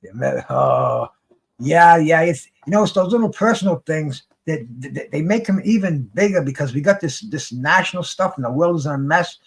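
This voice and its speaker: A man casually commenting on a live boxing fight as a streamer, rambling and excitable, swearing freely and restarting his sentences. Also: a little high, normal speed, creaky, breathy edge.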